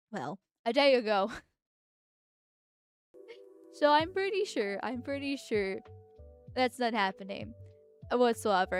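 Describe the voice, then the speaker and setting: A woman hosts a casual livestream, talking in a chatty, blunt way with sighs and laughs. Her voice sits fairly high. Faint music plays underneath. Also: clean tone, dry recording. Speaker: vtuber host. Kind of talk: casual political commentary livestream.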